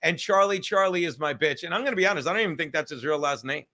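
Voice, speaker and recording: Host, male, high bright voice, profane rambling livestream chatter, self-mocking. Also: fast. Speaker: podcast host reading live chat. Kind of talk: casual crude livestream chat.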